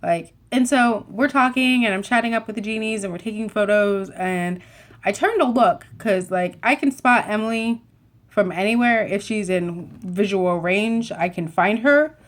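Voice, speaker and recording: A young woman chatting to camera, telling a rambling, animated story full of asides and self-corrections. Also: mid-range voice, normal speed. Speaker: vlogger.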